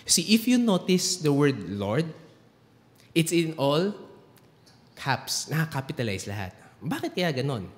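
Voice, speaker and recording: Filipino man preaching in a reverberant hall. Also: a little high. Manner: switches between English and Tagalog, emphatic preaching. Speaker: pastor. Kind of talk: sermon. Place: church sanctuary.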